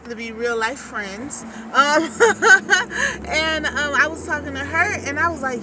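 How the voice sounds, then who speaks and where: A woman's voice: sits high, measured pace. A woman on maternity leave chatting candidly in slangy, laughing casual talk from her car. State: new mother on maternity leave. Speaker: vlogger. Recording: distant mic, road noise. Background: car and road noise.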